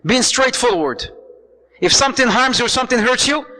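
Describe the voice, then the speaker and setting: A man giving a playful, lively lecture on marriage to a congregation, dropping Arabic phrases into his talk. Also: extremely high pitch, fairly quick. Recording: long hall reverb.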